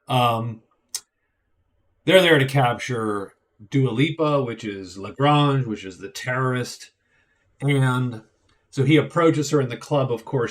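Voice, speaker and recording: A man giving a casual spoken movie review, rambling and chatty, with wry, amused asides and frequent restarts. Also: mid-range voice.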